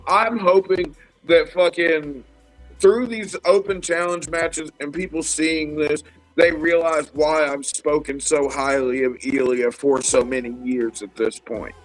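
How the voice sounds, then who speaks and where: Animated, profane man talking wrestling. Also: fairly high pitch, unhurried, faint music behind, poor audio. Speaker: podcast co-host. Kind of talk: casual wrestling chat.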